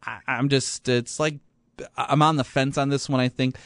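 A man's voice: medium pitch, steady tone, normal speed, fairly bright tone, clear, resonant tone, dry recording, clean studio sound. A man hosting a sports radio show, chatting casually with many fillers and restarts.

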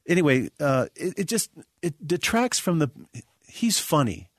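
A man's voice: on the high side, big pitch swings, unhurried, no room sound. A man reviewing a film on a radio show in a studio, rambling and chatty. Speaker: film critic co-host. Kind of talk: casual movie review.

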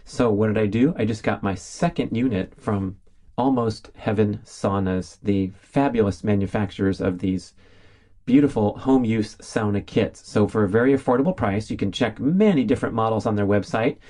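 A middle-aged Californian man hosts a casual solo podcast, upbeat, chatty, and enthusiastic. His voice is lowish and dark in tone, moving at a moderate pace.

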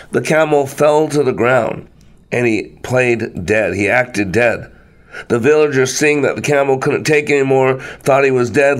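A man telling a folktale aloud, with an animated, dramatic manner of narration. His voice rests at an ordinary middle pitch for a man. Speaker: storyteller. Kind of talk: folktale storytelling.

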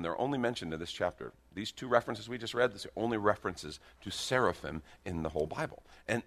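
Low-voiced man preaching a sermon. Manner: animated preaching with bursts of emphasis and asides. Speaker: pastor. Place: church sanctuary.

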